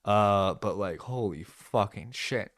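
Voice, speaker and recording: A man's voice: on the low side, slow pace, a bit bright, dry recording, studio quality. A man giving an angry reaction commentary on a live stream, ranting and swearing with stammered restarts. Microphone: desk microphone.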